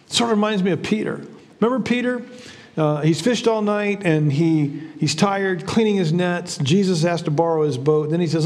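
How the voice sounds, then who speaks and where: A man's voice: high voice, moderate pace, a little mellow, long reverb tail. A man preaching a sermon as pastor, in a conversational style with frequent repeats and restarts.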